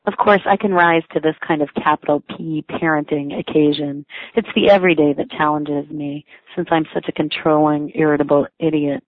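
The writer reads her personal essay from her blog in a low, steady-toned voice at a moderate pace, sounding wry, self-mocking, and lightly amused. Dry and tinny, the recording has a phone-like quality.

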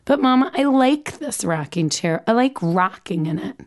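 A woman's voice: fairly high pitch, animated, normal speed, voice pushed up, natural voice. A woman voicing an earnest, helpful eight-year-old boy who gives advice sagely and pleads, in a read memoir. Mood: pleading. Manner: sage, pleading.

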